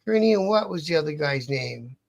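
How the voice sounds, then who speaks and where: Gravelly high-voiced man. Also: lively intonation, a little fast. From Canada. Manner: rambling, profane, self-interrupting. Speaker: interview guest, outlaw biker. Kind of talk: casual storytelling.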